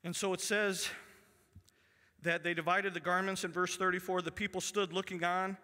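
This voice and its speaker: A pastor preaching a sermon to his congregation. He reads scripture aloud and drops to a hushed voice for emphasis. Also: high voice, little pitch movement, moderate pace. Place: church sanctuary. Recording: long church hall reverb.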